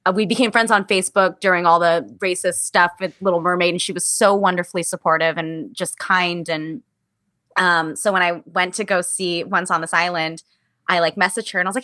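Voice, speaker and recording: A young musical theater actress tells stories in a casual interview, acting out the voices of people she quotes and filling her speech with "like." Her voice sits lowish and moves a little fast, with no echo.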